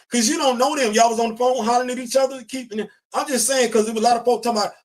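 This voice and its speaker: Blunt, emphatic high-voiced man. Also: steady tone, rapid-fire, few pauses. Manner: blunt, emphatic, repeats points. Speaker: podcast host. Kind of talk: casual commentary show.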